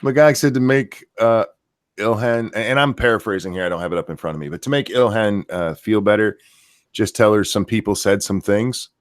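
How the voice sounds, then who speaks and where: A man's voice: on the low side, a little fast, no room sound, studio quality. A man from the United States co-hosting a casual talk show, blunt and fond of crude jokes. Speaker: co-host. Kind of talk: casual chat.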